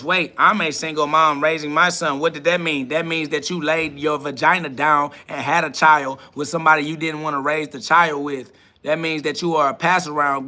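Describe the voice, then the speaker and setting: A man's voice: fairly high pitch, pushed and bright. A man hosting a live stream, ranting combatively and profanely while answering chat comments.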